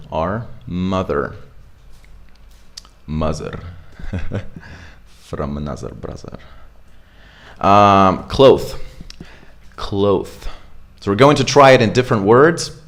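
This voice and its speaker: A man giving a live pronunciation lesson, demonstrating sounds slowly and repeating words, checking in with "right?". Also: lowish voice. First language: Russian. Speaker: accent coach.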